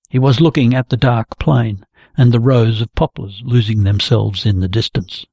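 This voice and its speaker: A male narrator reads a novel in a measured, steady way, his voice gravelly with a husky edge. The recording is close and dry, with no room echo. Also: mid-range voice. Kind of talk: audiobook reading.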